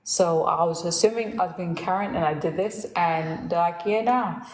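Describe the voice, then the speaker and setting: Animated storytelling woman in echoey room. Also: on the low side, moderate pace, slight background noise. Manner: animated, laughs at herself, acts out quoted voices. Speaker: host. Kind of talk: casual storytelling chat.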